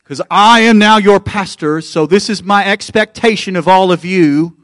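This is a pompous, entitled pastor with a put-on American accent, voiced by a man. He speaks high and loud, and every picky demand comes out as a self-important expectation. The sound is close and dry. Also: normal speed, no room sound.

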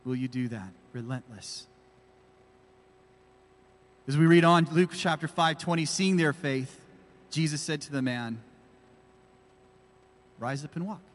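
A pastor preaches with fervor, his voice sitting a little high for a man. He drives each point home with repeated rhetorical questions, and the sound carries a long reverb through a large church hall. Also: a little slow, long pauses, a little hiss or hum. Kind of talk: sermon.

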